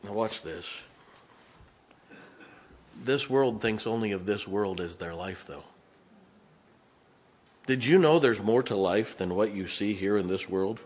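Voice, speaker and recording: An older man preaching a sermon. He tells a story in a hushed, folksy way, then builds to fervent, rising preaching. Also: fairly low pitch, animated, slow pace, long pauses.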